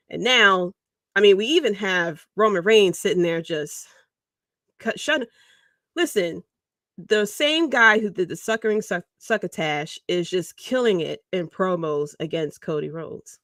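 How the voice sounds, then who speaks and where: A man's voice: high-pitched, measured pace, fairly bright tone, no room sound, clean studio sound. A man hosting a podcast, rambling through casual wrestling commentary and acting out quotes with chuckles. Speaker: podcast host.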